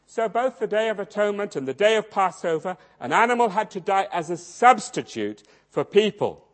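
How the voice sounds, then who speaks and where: A man preaching a sermon, swinging dramatically between loud emphasis and hushed low tones. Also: expressive, normal speed. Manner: acts out quoted voices in his storytelling.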